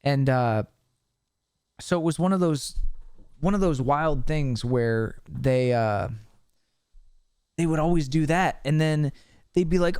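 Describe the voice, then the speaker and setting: A young man hosting a podcast, telling stories in a casual, animated way with plenty of swearing. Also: a little high, slow, long pauses, smooth, no room sound, clean studio sound. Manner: animated storytelling with profanity. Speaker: podcast host. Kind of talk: casual chat.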